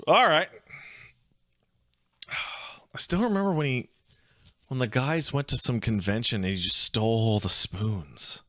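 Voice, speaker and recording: A man hosting a casual reaction show, swearing freely, laughing loudly and rambling in asides. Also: mid-range voice, takes it slowly, long pauses, dry recording, clean studio sound. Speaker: host reacting to videos.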